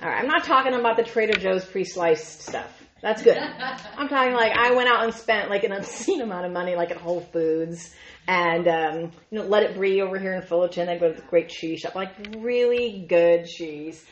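A woman speaking at a women's ministry gathering, telling a funny story to a live audience. She is chatty and animated, laughs often and uses lots of "like". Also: mid-range voice, normal speed. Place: event room. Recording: echoey, muffled room recording.

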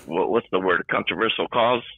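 Man, caller, stammering, playful insults, low husky voice, bright edge. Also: fairly quick, dry recording, narrow, tinny audio. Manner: stammering, playful trash talk. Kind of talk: casual call-in chat.

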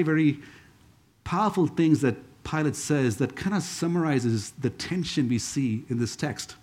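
A man's voice: fairly high pitch, darkish tone. A man preaching a sermon in a conversational way, with joking asides.

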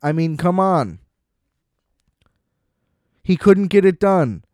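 A man's voice: high voice, lively intonation, slow, darkish tone, no room sound. Man, casual solo sports rant, profane and sarcastic, clean dry voice. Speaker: sports commentator.

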